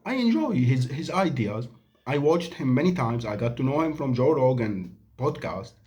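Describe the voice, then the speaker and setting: A man's voice: medium pitch, sing-song, moderate pace, darkish tone. Angry, emphatic Syrian man. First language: Arabic. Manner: angry, emphatic, rhetorical questions. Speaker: vlogger. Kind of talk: impassioned monologue to camera.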